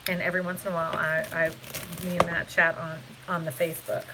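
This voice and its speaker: A woman real estate agent chats casually on a live stream from a hotel room, recorded on a phone camera. Her voice is lowish and flat, she talks fast, and there is background noise as she giggles and rambles.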